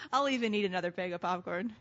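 A woman preaching a sermon in an animated way, laughing often and acting out voices as she talks. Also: medium pitch. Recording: dull lo-fi sound.

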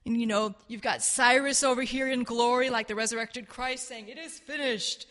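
A woman teaching a class in an informal sermon style, earnest and halting, now and then acting out voices of biblical figures. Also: a little high, steady tone, a bit bright, long reverb tail. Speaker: Bible teacher.

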